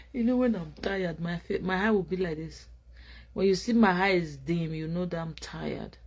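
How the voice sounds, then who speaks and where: A tired woman with a Nigerian accent, chatting casually late at night to her viewers while drinking wine. She rambles, swinging between loud remarks and drowsy murmurs. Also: fairly low pitch, a little slow. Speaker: vlogger.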